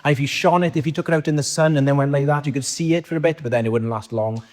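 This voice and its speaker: A man's voice: on the high side, racing. Guy preaching a sermon, chatty, keeps asking the room questions, lots of church echo. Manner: conversational, asks the congregation questions. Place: church hall. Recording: long church reverb.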